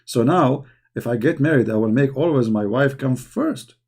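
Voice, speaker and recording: A man with a mid-range, darkish voice talks at normal speed while hosting a live chat. His casual monologue is sarcastic and mocking, delivered with broken grammar.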